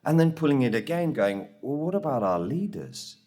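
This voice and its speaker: A man's voice: medium pitch, moderate pace. A man from England telling the story of making his documentary in a conference talk, acting out the people he quotes. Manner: animated storytelling, acts out quoted voices. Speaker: conference speaker. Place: conference room.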